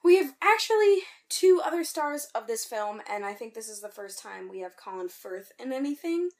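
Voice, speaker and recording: A woman co-hosting a casual podcast chat, animated and swearing freely, with loud outbursts. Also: fairly high pitch, normal speed. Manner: animated, swears a lot, bursts into loud outcries. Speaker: podcast co-host.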